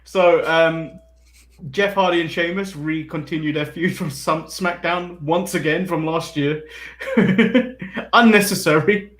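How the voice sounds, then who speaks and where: A man's voice: on the high side, unhurried, a bit bright. A man hosting a casual podcast chat, giggling as he runs through the rundown. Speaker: host. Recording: echoey room.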